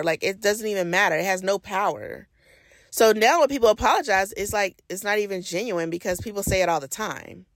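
A woman's voice: medium pitch, no echo, studio quality. A middle-aged woman hosting a solo podcast, giving blunt, no-nonsense advice in a casual talk. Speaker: podcast host.

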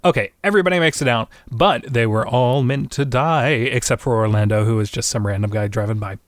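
A man's voice: mid-range voice, fairly quick, no room sound, clean studio sound. A man in casual chat, riffing loosely and jokingly, often swearing.

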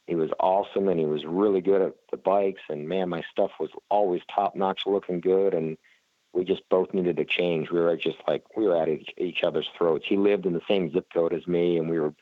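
A man's voice: low-pitched, steady tone, fairly quick, no room sound, phone-quality sound. A man, a racer being interviewed, talking casually and rambling with lots of fillers and restarts. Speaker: flat track racer, guest.

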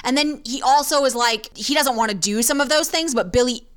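Fast-talking young woman podcast co-host. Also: high voice. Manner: fast, chatty, animated. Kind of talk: casual chat recapping a TV episode.

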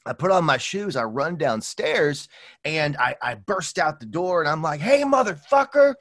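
A man telling stories in a loose, laughing, profane chat, high and jumping into shouted voices for the people in them. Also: moderate pace. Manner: animated, laughs often, swears, acts out voices in stories. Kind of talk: casual storytelling chat.

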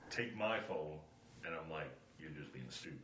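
A middle-aged man on a podcast, telling a family story in a lively, animated way and acting out the quotes. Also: extremely low pitch, moderate pace. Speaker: podcast co-host. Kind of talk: casual chat, storytelling. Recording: echoey room with faint ambient noise.

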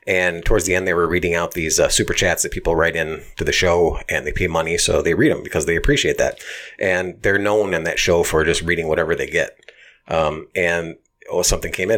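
A man co-hosting a casual chat, retelling a story in a profane, animated way with lots of restarts. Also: low-pitched, brisk.

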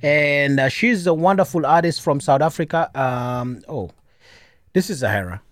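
A man's voice: fairly high pitch, moderate pace, no room sound, studio quality. A man co-hosting a casual radio show, playful and teasing, laughing often as he chats with his co-host.

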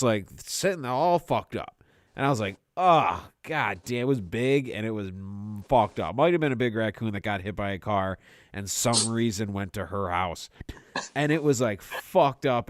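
A young man telling a story in casual chat, animated and swearing freely, acting out the voices of people in it. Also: fairly low pitch, no room sound, clean studio sound. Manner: animated, swearing often, acts out quoted voices. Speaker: podcast co-host telling a story.

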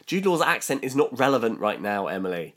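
A man's voice: mid-range voice, very animated, brisk, fairly bright tone. A young British man telling a story in casual podcast chat, with lots of ums and likes. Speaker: podcast co-host.

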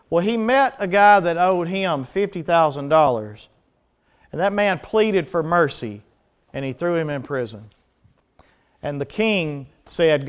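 A male pastor preaching a sermon, asking the congregation questions and building to loud, high swells before dropping back down. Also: lively intonation, unhurried.

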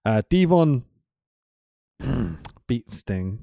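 A man's voice: mid-range voice, very animated, very slow, gravelly, dark tone, dry recording. A man co-hosting a casual podcast, recapping wrestling with lots of swearing and laughter. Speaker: podcast co-host.

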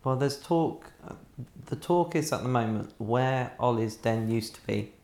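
A man's voice: medium pitch, unhurried, a little mellow. A man in a casual chat, talking in a matter-of-fact way as he passes on what others have said. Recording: echoey room.

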